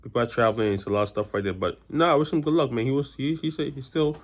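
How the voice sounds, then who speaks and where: A young man talking straight to his audience in a loose, rambling vlog. He rattles along at a quick clip, circling back with restarts and filler words. His voice sits at an ordinary middle pitch. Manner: rambling, many restarts and "you know" fillers. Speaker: vlogger. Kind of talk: casual personal storytelling to camera.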